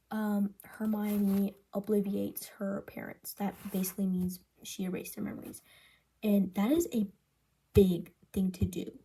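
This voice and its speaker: Chatty teen girl with a dark, husky voice. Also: mid-range voice. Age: teens. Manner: chatty, filler-heavy, breaks off to read passages aloud. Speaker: student presenting a book project. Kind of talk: casual spoken book review.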